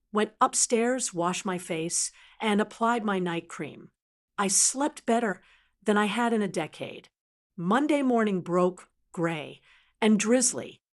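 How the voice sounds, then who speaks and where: An older woman narrating her story in first person in a calm, cold, deliberate way. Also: medium pitch.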